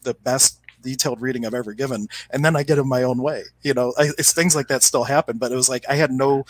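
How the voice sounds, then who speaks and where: Man co-hosting a podcast, lively storyteller. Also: mid-range voice, fast talker, no echo. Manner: animated storyteller who acts out quotes. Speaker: podcast co-host. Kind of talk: casual chat.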